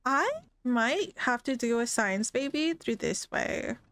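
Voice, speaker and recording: A woman's voice: a little high, lively intonation, slow pace, fairly bright tone, clean tone. A woman game streamer giving chatty, exclamatory commentary while she plays and talks to her viewers. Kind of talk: casual gameplay commentary.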